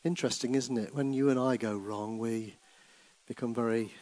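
A man preaching a sermon, speaking in a soft, reflective way. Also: mid-range voice, steady tone, moderate pace, poor audio. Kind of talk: sermon with poem reading.

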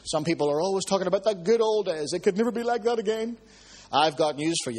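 A man preaching a sermon, telling stories with lively swings between hushed and high exclamations. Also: fast talker.

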